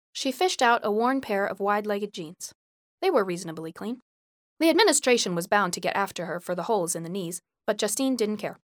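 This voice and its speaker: A woman narrates a novel in a measured, even voice of middle pitch. She drops softer and slower in tense passages. The sound is close and dry, with no room around it. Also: no room sound. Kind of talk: scripted audiobook narration.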